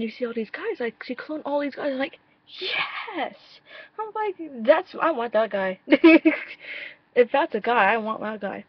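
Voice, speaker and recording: Young woman, reaction vlogger, gushy and sweary, slightly high voice, dull dry lo-fi webcam sound. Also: no room sound. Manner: gushing, swears freely, quotes herself, laughs often. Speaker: vlogger reacting to a music video. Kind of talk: casual excited reaction vlog.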